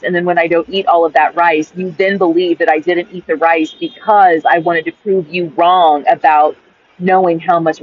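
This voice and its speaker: A woman recording a casual journal-style rant in her car by a busy street, exasperated and swearing, often asking "right?". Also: fairly low pitch. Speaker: vlogger. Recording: dull lo-fi sound.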